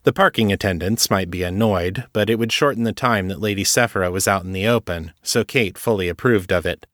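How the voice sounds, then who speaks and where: A man narrating a serialized fiction story in a steady, even manner. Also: lowish voice, a little fast, dry recording, clean studio sound. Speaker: audiobook narrator.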